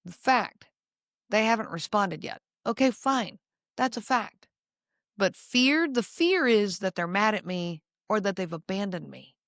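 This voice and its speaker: A middle-aged woman hosting an advice podcast, who explains things calmly and often checks in with the listener. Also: mid-range voice, a little slow, dry recording, clean studio sound. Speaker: podcast host.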